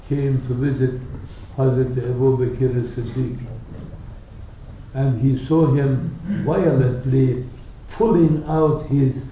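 Slow, deliberate man preaching in an echoey hall. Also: medium pitch, dark tone, slight background noise. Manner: slow, deliberate storytelling with dramatic quoted voices. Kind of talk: sermon storytelling. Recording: echoey hall, speaker far from mic.

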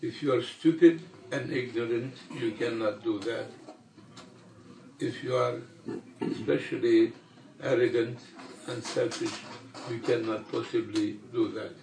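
An older man delivering a sermon in a slow, measured way with long pauses. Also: mid-range voice, steady tone, gravelly, a little mellow, a little hiss or hum. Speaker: religious teacher. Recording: echoey room, mic far off.

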